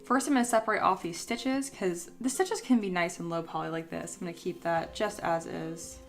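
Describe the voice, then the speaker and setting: A young woman hosting a casual sculpting livestream, chatty and answering viewers, her voice a little rough as she recovers from being ill. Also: on the low side, fairly quick, faint music behind. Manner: chatty, reads chat aloud and answers. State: voice still recovering from illness.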